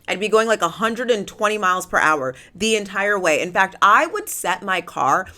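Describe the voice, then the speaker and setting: A woman in her late twenties with a sharp, expressive mid-range voice hosts a casual solo podcast at normal speed. Chatty and self-mocking, she swings dramatically in tone and says "like" a lot.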